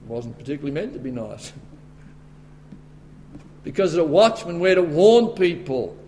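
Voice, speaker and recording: A man with an Australian accent preaching a sermon, quoting scripture and rising to forceful, emphatic bursts. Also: a little high, sing-song, normal speed.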